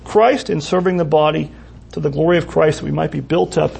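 A man preaching a sermon as pastor, earnest, with pauses and repeated phrases. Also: fairly high pitch, vocal fry, darkish tone, slight background noise.

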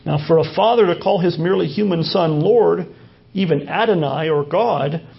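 A pastor with a slightly high voice and vocal fry preaches at a moderate pace. His sermon teaches through a passage, leaning on repetition and rhetorical questions, and the recording sounds dull and lo-fi.

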